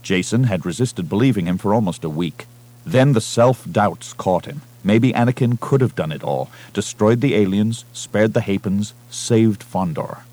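Low-voiced man reading a novel aloud. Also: lively intonation, dark tone. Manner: measured, dramatic storytelling delivery. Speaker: audiobook narrator. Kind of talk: scripted narration.

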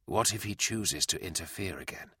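A man voicing a grim, loyal male warrior lieutenant who speaks in a measured, quietly menacing way. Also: low-pitched, animated, husky, dry recording, clean studio sound, exaggerated voice. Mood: quiet menace.

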